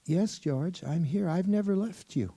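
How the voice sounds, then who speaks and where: A man's voice: high voice, a little slow, mellow, breathy edge, no room sound, pitched above the performer's own voice, exaggerated voice. A man voicing God the Father, speaking in a plain, comforting way. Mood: reassuring. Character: kind, ever-present God the Father.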